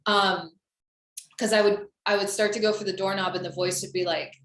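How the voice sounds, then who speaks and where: A woman's voice: mid-range voice, fairly even intonation, normal speed. Chatty woman coach in an echoey room. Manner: chatty, lots of fillers like "um" and "like". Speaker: confidence coach. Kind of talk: casual spoken teaching.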